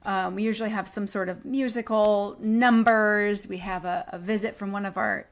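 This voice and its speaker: A woman is a guest on a podcast interview. She has a mid-range voice with a gravelly, fry-laden texture and tells stories in a chatty, enthusiastic way. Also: mid-range voice, fairly even intonation, moderate pace.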